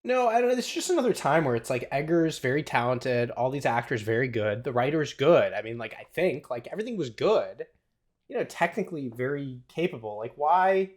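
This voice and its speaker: A man's voice: medium pitch, very animated, fairly quick. A man co-hosting a podcast, chatting casually about a film in an exasperated, questioning way. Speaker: podcast co-host. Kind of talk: casual chat, film review.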